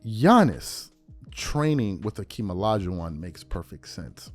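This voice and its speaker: Man in his 30s, podcast host, lively pitch, incredulous rhetorical questions, slangy sports commentary. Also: unhurried, faint music behind.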